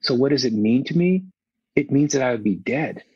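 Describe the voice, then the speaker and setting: A man's voice: mid-range voice, expressive, normal speed, darkish tone, breathy edge, dry recording, lo-fi sound. A man, a film director, talking frankly and emotionally as an interview guest, often restarting and repeating himself. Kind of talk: candid casual interview talk.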